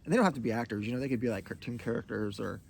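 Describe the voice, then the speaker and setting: A man chatting casually with his wife at home, hesitant and meandering, with lots of "uh" and "you know". His voice sits at a middling pitch, and a faint hiss of noise runs underneath. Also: very fast, creaky. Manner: rambling, hesitant, lots of fillers. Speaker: co-host of a couples' video. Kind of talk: casual chat.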